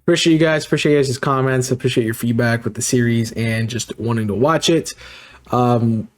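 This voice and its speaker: A man hosting a let's play, talking in a casual, rambling way with fillers and joking asides. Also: mid-range voice. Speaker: gaming channel host.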